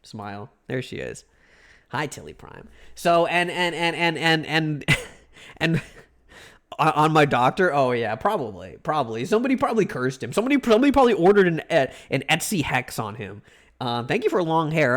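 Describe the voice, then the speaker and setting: A man's voice: fairly high pitch, animated, moderate pace. Giggly, rambling young male streamer. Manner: rambling, giggly, stammers with repeated words. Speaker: livestreamer. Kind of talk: casual livestream chat with viewers.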